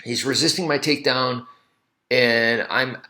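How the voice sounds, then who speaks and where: A man's voice: mid-range voice, fairly even intonation, measured pace, sharp tone. A man casually telling a story to camera, rambling and correcting himself often with lots of "you know" asides. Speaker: martial arts instructor.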